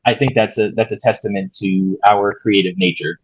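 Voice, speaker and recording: A man's voice: fairly low pitch, fairly even intonation, normal speed, breathy edge, dry recording. A man co-hosting a podcast in casual chat, talking things through in a thoughtful, rambling way. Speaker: podcast co-host. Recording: slightly dull lo-fi mic.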